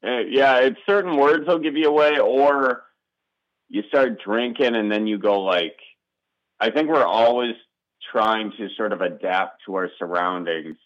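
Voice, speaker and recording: A man's voice: medium pitch, unhurried, highs cut off. A man, a comedian guest chatting casually in an interview, rambling with frequent restarts. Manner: rambling, restarts often, self-deprecating.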